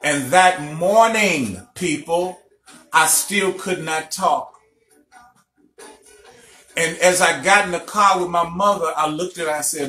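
Middle-aged male teacher from Illinois, emphatic storyteller, unhurried delivery, echoey room with faint music. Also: fairly high pitch, sharp tone. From Illinois, USA. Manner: emphatic storyteller, checks in with listeners. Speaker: spiritual teacher. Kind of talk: recorded lecture broadcast.

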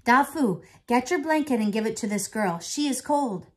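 A woman's voice: a little high, animated, moderate pace, pitched above the performer's own voice, lightly acted. A woman voicing a protective gray-haired grandfather in a storybook read-aloud. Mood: urgent.

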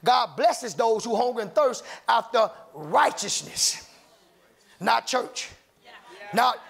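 Pastor guy preaching, high gravelly voice, gets shouty and sing-song, calls folks out by name. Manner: preaching with rising, shouted and sung cadences; calls out to congregation members by name. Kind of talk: sermon.

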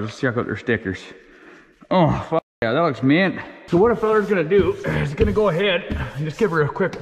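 A man's voice: on the high side, big-room sound. A man hosting a casual unboxing vlog, talking in crude, rowdy, heavily profane banter. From Canada. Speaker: channel host.

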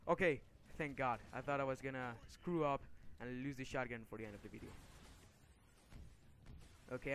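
A man's voice: mid-range voice, fairly bright tone, slight background noise. A young man commenting over his own gameplay, frustrated and swearing, with sudden angry outbursts between mumbled asides. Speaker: gaming video creator.

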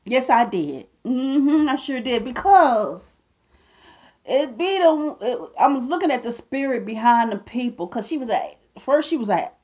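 A woman's voice: high voice, animated, unhurried, a little mellow. A woman, telling a story to her viewers in a casual, emphatic way and calling them y'all and babe. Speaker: vlogger.

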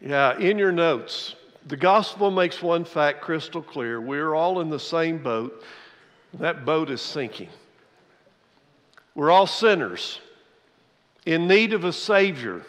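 A man's voice: a little high, lively intonation, measured pace, a bit bright, long reverb tail. A man, a senior pastor, preaching a sermon with emphasis and repeating key phrases for effect.

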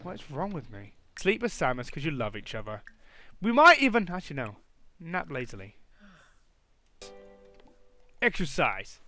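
Brief: young gamer, high bright voice, excitable, prone to sudden shouts and swearing. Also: male voice, measured pace, long pauses, dry recording, faint music behind. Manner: excitable, bursts into shouts, swears, teases the characters. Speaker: gaming YouTuber. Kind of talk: let's play commentary.

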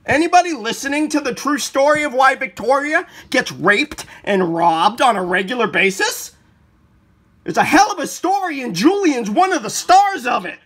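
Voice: sits high, expressive, moderate pace, hardly any pauses, fairly bright tone. A filmmaker narrating a documentary and questioning people on recorded calls, blunt and indignant, swearing freely.

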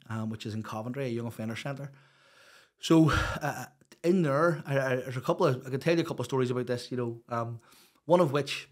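A middle-aged man with a Northern Irish accent, a podcast guest telling stories in a rambling, blunt, sweary way. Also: mid-range voice. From Northern Ireland. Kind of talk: casual storytelling chat.

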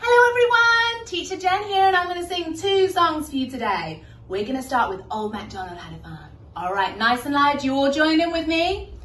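A woman's voice: sits high, expressive, fairly quick, hardly any pauses, recorded from a distance, slight background noise. A woman teaching music to young children, singing nursery songs in an encouraging, sing-song way. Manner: sing-song, encouraging, soft whispering at the end. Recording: echoey room, voice from the mic.

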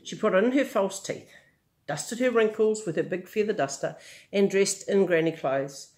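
An older woman reading a picture book aloud, gentle and amused with chatty asides. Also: medium pitch, moderate pace. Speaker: storyteller.

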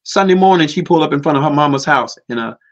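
A man's voice: a little high, animated, fast, dull audio. A man giving an earnest, emphatic conversational testimony.

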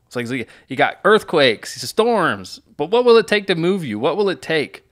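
Pastor talking through song lyrics. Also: male voice, a little high, big pitch swings, normal speed, hardly any pauses, a bit bright. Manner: analytical, reads lyrics aloud and explains them, many fillers and restarts. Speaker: pastor reacting to music. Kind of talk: casual reaction chat.

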